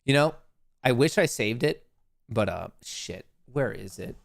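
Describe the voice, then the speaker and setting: A man's voice: medium pitch, lively intonation, unhurried, vocal fry, no room sound, studio quality. A man hosting a live stock market stream, chatting in a joking, rambling, self-mocking way.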